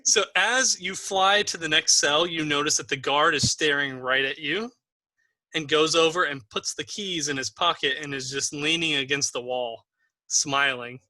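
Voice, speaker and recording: A man's voice: a little high, moderate pace, pushed and bright, no echo. A man narrating a tabletop game as game master, casual and laughing easily.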